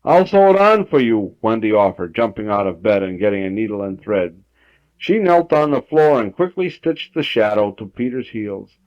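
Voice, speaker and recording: A man reading a children's story aloud at home, expressive, lifting his voice for emphasis. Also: fairly low pitch, moderate pace, no room sound. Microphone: home tape recorder. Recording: dull 1960s home audiotape.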